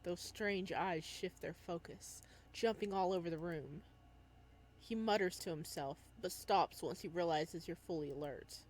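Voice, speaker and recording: A woman playing a game, reading its narration aloud and reacting excitedly, talking back to the character. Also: lowish voice, a little slow. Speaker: game player.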